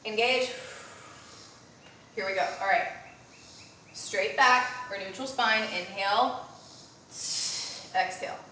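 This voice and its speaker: Speaking slowly with long pauses, a young postpartum fitness instructor coaches a live class in a sharp, mid-range voice, slightly out of breath. She prompts breathing and repetitions and often checks in with "okay?". Her mic is at a distance in a very echoey room, with slight background noise.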